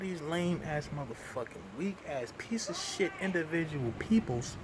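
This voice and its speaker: A man's voice: animated, unhurried, few pauses, a little hiss or hum. Heated, profane young man ranting. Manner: heated, profane, swings from loud outbursts to low muttering. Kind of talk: venting rant to camera.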